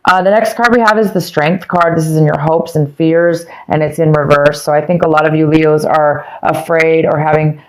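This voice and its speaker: Soft-pitched woman giving a tarot reading. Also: steady tone, moderate pace, hardly any pauses, poor audio. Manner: rambling, repeats phrases, many ums. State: losing her voice. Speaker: tarot reader. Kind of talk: casual tarot reading to camera.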